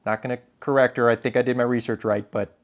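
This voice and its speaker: A man's voice: mid-range voice, fairly even intonation, quick pace. A young American man chatting casually to camera as a video host, chatty and self-deprecating, with plenty of ums and uhs. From United States. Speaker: photography YouTuber.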